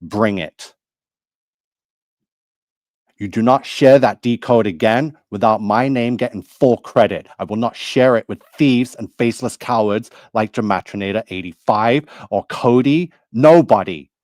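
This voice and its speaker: A man speaks in a low voice, heated and accusing, going over the same points again and again. The recording is dry and close, with no room sound at all. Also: a little slow, darkish tone, dry recording. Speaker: video creator. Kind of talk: angry monologue to camera.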